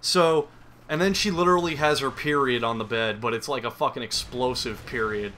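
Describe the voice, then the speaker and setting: A man's voice: mid-range voice, a little fast, sharp tone. A young man giving crude, sarcastic comedic commentary over gameplay, rambling and mocking as he goes. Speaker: gaming commentator.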